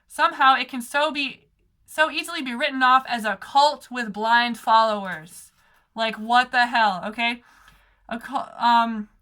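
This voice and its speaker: A woman's voice: fairly high pitch, sharp tone. A young woman organizer giving an impassioned talk, sarcastic and heated, full of "like" and "okay".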